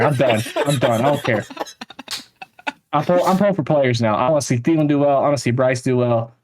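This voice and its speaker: A man's voice: medium pitch, darkish tone. A young man co-hosting a casual sports podcast, an exasperated, self-mocking fan ranting about his team. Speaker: podcast co-host, Panthers fan.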